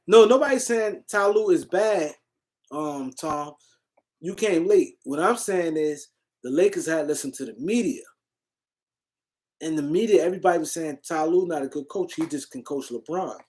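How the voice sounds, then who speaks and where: A man hosting a casual sports livestream, answering comments and shouting out viewers in the chat. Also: a little high, normal speed. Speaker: livestream host.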